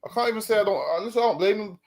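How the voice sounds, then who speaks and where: A man with a notably high voice explains his point in a relaxed, conversational way. He stumbles and restarts often. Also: rapid-fire. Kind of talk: casual commentary.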